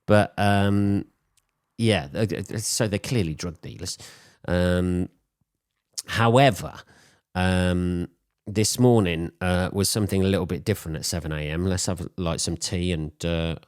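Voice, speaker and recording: A man's voice: deep voice, unhurried, a little mellow, clear, resonant tone, no echo, studio quality. A man hosting a solo podcast, telling a rambling, sweary, wry story in a casual chat. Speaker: podcast host.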